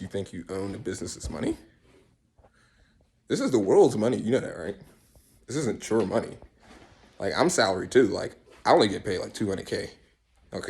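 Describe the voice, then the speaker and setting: A man rambling in a casual comic monologue, swearing and arguing with himself in quick back-and-forth. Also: lowish voice, a little mellow. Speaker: vlogger.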